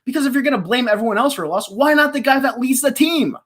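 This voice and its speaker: A young woman from the Philadelphia area hosts a live sports stream and rants at full passion. Her somewhat high voice leaps all over the place as she yells in exasperation. She sounds heated and worked up throughout. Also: animated, fast.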